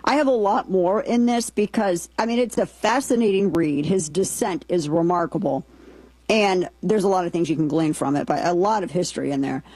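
A woman's voice: lowish voice, moderate pace, darkish tone, no room sound, poor audio. A woman hosting a political talk show, giving emphatic, indignant commentary and reading quotes aloud.

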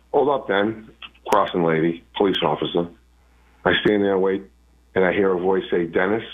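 A man calling in to a radio talk show, telling his stories in a rambling way. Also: deep voice. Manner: rambling storyteller. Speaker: caller. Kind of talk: phone-in call. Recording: tinny phone line.

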